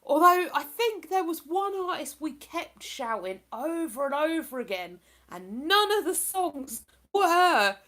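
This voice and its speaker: A woman's voice: high voice, very animated, unhurried, fairly bright tone. A woman chatting casually on a live stream, rambling and laughing as she reads out messages from her viewers. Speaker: live streamer reading chat.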